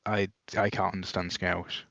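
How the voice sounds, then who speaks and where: A man's voice: low voice, level tone, moderate pace, bright, forceful tone, dry recording, highs cut off. A man in casual podcast chat, rambling and self-mocking, often breaking into laughter. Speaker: podcast guest.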